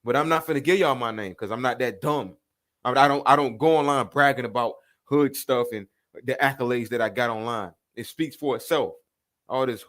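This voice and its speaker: A man's voice: medium pitch, fairly quick, fairly bright tone. A man hosting a reaction video, confrontational and profane, calling people out in a heated rant.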